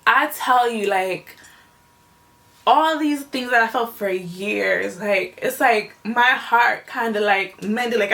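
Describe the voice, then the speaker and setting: A woman's voice: fairly high pitch, sharp tone. A young woman telling a personal story on her own channel in a casual, emotional, rambling way, with many fillers. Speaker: vlogger.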